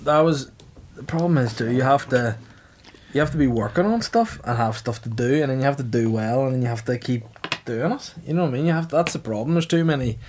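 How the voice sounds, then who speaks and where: A man, a guest comedian chatting on a podcast in an animated, sweary way. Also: medium pitch, fast talker, a little hiss or hum. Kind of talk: casual comedic banter.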